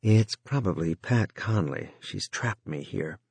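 A man's voice: lowish voice, animated, a little slow, a little mellow, breathy edge, no echo, full character voice. A man reading the lines of a bewildered male businessman in an audiobook, close to his own voice. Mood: puzzled.

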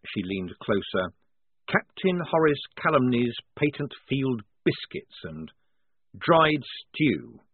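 A man narrating an audiobook in a wry, expressive reading. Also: medium pitch, husky, dry recording. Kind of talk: scripted narration. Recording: tinny, dry, phone-like sound.

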